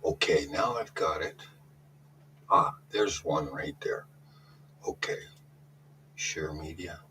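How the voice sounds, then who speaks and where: A man's voice: extremely low pitch, slow, pushed and bright, a little hiss or hum, poor audio. A man calling in to a talk show, telling a rambling story in a casual way, often restarting his sentences. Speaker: caller.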